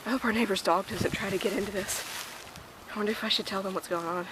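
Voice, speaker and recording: A woman's voice: medium pitch, fairly even intonation, fast talker. A young woman chatting casually to camera in a rambling vlog, filming herself with a phone outdoors by a house. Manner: chatty, rambling with many fillers. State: out of breath. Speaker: vlogger. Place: outdoors beside a house, partly in a car. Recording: outdoor phone recording with background noise.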